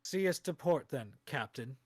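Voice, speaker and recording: Man playing a proud, stiff ship captain, raised pitch, dry sound. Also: lively intonation, moderate pace, husky, no room sound.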